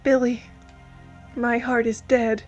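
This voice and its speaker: A woman's voice: on the high side, slow pace, highs cut off, faint music behind. A woman hosting a let's play, reading garbled game text aloud and joking about it. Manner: playful, joking, reads garbled lines deadpan.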